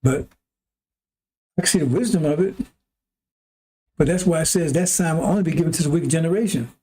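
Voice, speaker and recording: Male preacher, rambling and animated, husky and mellow. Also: a little high, fairly quick. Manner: animated, acts out arguments with God in a raised voice. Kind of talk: rambling sermon.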